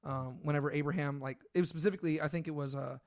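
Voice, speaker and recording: A man's voice: fairly high pitch, fairly even intonation, racing, no echo, clean studio sound. Chatty man with a light, slightly raised voice. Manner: thinks aloud with many fillers and restarts. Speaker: podcast co-host. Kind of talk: casual Bible discussion.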